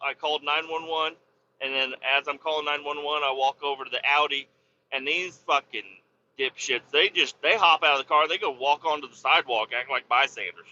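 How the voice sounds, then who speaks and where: A man's voice: on the high side, fairly quick, muffled recording, a little hiss or hum. A man hosting a podcast, casually telling a story with a lot of cursing and repeating himself. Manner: profane, animated, repeats himself.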